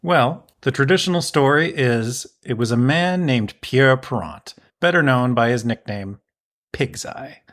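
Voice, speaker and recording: A man's voice: mid-range voice, animated, a little slow, a bit bright. A man hosting a podcast, telling a history story in a casual, wry and explanatory way. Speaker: podcast host.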